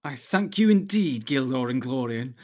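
A man's voice: medium pitch, expressive, normal speed, lightly acted. A man voicing a polite earnest young hobbit. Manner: courteous, earnest questioning.

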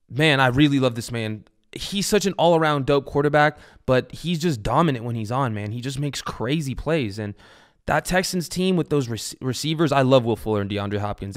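A young man hosting a fantasy football podcast in loose, rambling chat. His voice is smooth and clear, and he swings between energetic bursts and low asides. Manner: rambling, animated, swears casually. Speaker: podcast host. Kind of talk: casual fantasy football talk.

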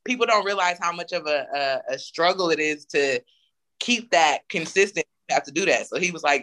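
A woman co-hosting a casual chat, telling animated, profane stories. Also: on the low side, a little fast. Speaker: podcast co-host.

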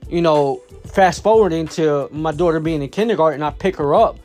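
Man with a slightly high voice, father, casual storytelling, rambling, lots of fillers, faint music behind. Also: normal speed, darkish tone. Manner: rambling, many fillers and restarts.

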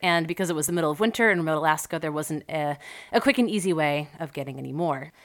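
A woman co-hosting a podcast, telling a story and quizzing her co-hosts in a relaxed, casual way. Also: sits low, fast talker. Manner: relaxed storyteller, laughs easily. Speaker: podcast co-host. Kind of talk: casual chat.

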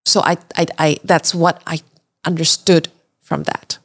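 A young woman hosting a podcast speaks a little slowly in a low-pitched, flat voice with vocal fry. Chatty and confessional, she tells a candid story and often acts out her own reactions.

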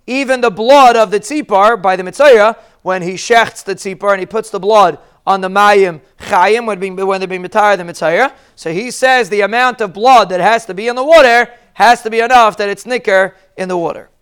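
A man's voice: high voice, moderate pace, hardly any pauses, a bit bright, clear, resonant tone. A man teaching a Talmud lesson, explaining each Hebrew phrase in plain English.

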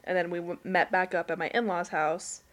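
A woman's voice: fairly low pitch, fairly even intonation, a little fast. A woman co-hosting a casual podcast chat, telling family stories with laughter and acted-out quotes. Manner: laughing, storytelling, acts out quotes.

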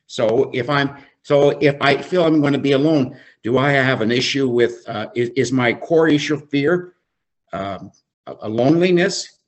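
A man leading a faith-based recovery group, teaching slowly and reflectively, often repeating phrases for emphasis. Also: mid-range voice. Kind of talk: devotional teaching.

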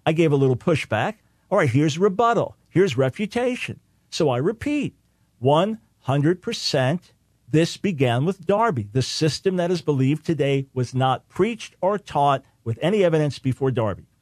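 A man hosts a talk radio show in a fairly high register, insistent and emphatic, hammering points home through repetition. His delivery is sing-song at normal speed with a darkish tone, recorded dry and close with no room echo.

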